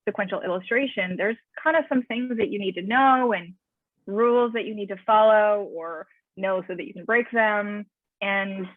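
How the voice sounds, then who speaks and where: A woman, a guest on an interview show, talking casually in a measured, slightly hesitant way. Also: mid-range voice, dry recording. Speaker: comic artist guest. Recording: tinny dry phone-like line.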